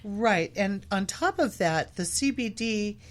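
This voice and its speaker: A woman's voice: medium pitch, lively intonation, slow pace. Guest spot: woman, casual and hesitant, filler-heavy. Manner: hesitant, many ums and uhs. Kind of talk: casual chat.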